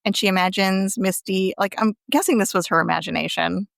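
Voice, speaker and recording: A woman's voice: mid-range voice, fairly even intonation, brisk, gravelly, fairly bright tone, no echo, studio quality. A woman casually recapping a TV episode on a podcast, chatty and often laughing as she acts out the lines. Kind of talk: casual chat, recapping a show.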